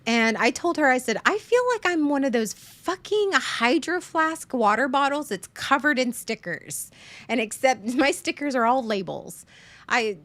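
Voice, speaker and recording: A woman hosting a livestream, talking frankly in a halting way with many fillers and restarts, and making fun of herself. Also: high-pitched, animated, a bit bright, dry recording. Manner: frank and self-deprecating. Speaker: livestream host. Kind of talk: candid casual livestream chat.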